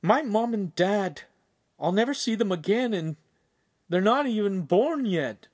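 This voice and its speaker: A man's voice: high-pitched, expressive, unhurried, pitched above the performer's own voice. Man voicing a tearful homesick teen boy.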